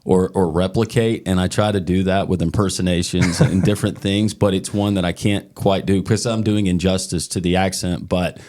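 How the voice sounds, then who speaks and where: A man's voice: low voice, steady tone, brisk, few pauses, a little mellow, dry recording, studio quality. A man hosting a sports podcast, reading a punchy news roundup and then interviewing a coach in an upbeat announcer style.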